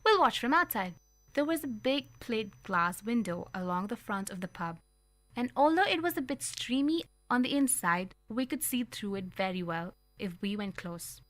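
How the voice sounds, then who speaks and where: A woman reading a storybook aloud on community radio, telling it in an expressive, lively way. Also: mid-range voice, normal speed, dry recording. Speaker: story reader.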